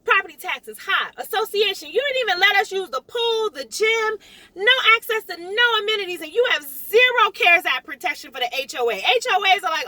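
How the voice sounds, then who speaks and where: A middle-aged woman realtor from South Florida, ranting in a vlog with emphatic, animated delivery and repeating lines for emphasis. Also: very high-pitched, brisk, dry recording. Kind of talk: impassioned vlog rant.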